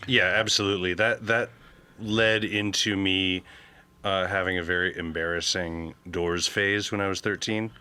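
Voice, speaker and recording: A man's voice: low-pitched, steady tone, moderate pace, sharp tone, smooth. A man who plays in a band, a guest in a casual chat, talking in a wry, self-deprecating way.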